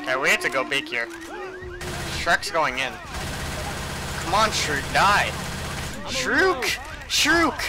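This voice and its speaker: A young man giving excitable gameplay commentary as a gaming channel host, swearing often and shouting at his teammates. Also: medium pitch, unhurried, long pauses, music in the background. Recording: loud game audio behind voice.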